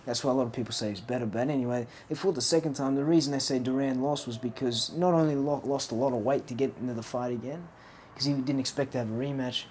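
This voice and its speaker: A young man co-hosting a podcast, telling loose, rambling stories full of fillers and frequent laughs. His voice sits at an ordinary middle pitch, with a faint hiss of noise behind it. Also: quick pace, hardly any pauses, darkish tone. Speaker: podcast co-host. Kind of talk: casual chat.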